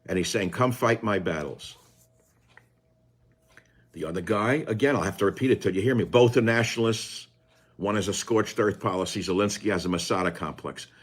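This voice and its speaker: Older man, low-pitched voice, combative ranting talk-radio host, sarcastic. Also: a bit bright, breathy edge. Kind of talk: political monologue.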